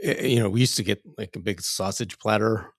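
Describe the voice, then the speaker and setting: Low, gravelly man on a podcast. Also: a little fast, no room sound, clean studio sound. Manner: easygoing, trails off quietly, hesitant with fillers. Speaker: podcast co-host. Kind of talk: casual chat.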